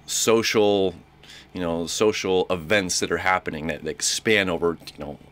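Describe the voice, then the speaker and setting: Low-voiced rambling man reading horoscopes. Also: fairly even intonation, normal speed, fairly bright tone. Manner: rambling, repetitive, acts out little dialogues. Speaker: astrologer. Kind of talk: casual horoscope monologue.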